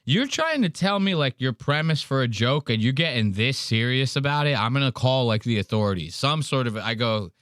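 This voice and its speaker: A man's voice: mid-range voice, moderate pace, hardly any pauses, no room sound, studio quality. A man hosting a podcast, ranting in casual chat with lots of swearing. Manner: profane, ranting, animated. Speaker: podcast host.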